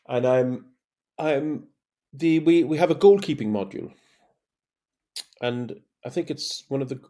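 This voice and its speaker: A middle-aged man with a mellow, warm voice tells stories as a podcast guest. He talks in an animated way and restarts often, with the easy pace of casual conversation. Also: medium pitch. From Ireland. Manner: animated storytelling, many restarts.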